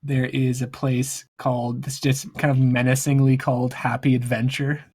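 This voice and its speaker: A man chatting casually between game sessions, talking haltingly, stumbling over his words and laughing as he goes. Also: mid-range voice, little pitch movement, darkish tone, slightly rough. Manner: halting, stammers and laughs mid-sentence. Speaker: player.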